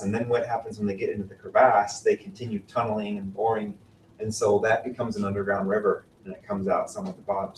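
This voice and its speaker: With a low, somewhat dark tone, a man instructing in mountaineering lectures his classroom on glaciers. He asks the class questions and explains patiently. A distant mic captures a roomy sound with faint noise.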